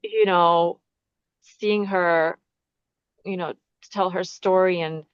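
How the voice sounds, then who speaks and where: A woman's voice: on the low side, steady tone, slow, lo-fi sound. A woman sharing her experience in a casual group chat, earnest and hesitant with many ums. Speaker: participant.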